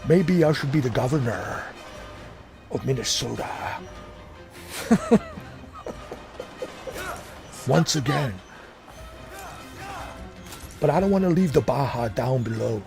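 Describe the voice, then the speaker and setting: A man putting on a brash, gruff ex-wrestler governor. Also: medium pitch, lively intonation, takes it slowly, pauses often, over music. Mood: boasting.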